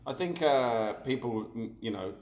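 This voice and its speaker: A man hosting a relaxed interview chat, laughing along and swearing casually. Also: medium pitch, unhurried. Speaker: podcast host. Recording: roomy echo, faint noise.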